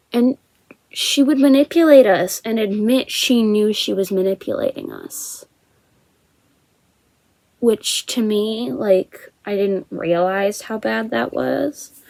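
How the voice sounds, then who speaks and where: A woman's voice: medium pitch, vocal fry, a little mellow, dry recording, rough recording. A young woman vlogger telling a personal story casually and candidly, swearing now and then and acting out the dialogue.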